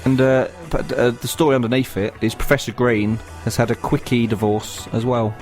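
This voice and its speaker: A man's voice: mid-range voice, little pitch movement, moderate pace, a little mellow, faint music behind. A man co-hosting a community radio comedy show, rambling through newspaper stories and tripping over words. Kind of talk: casual radio banter.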